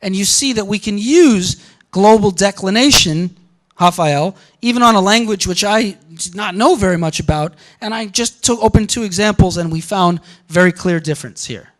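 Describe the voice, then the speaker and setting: A man lecturing a class in an animated way, often quoting example sentences and breaking off mid-thought. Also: high voice, normal speed. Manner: animated, quotes example sentences, interrupts himself.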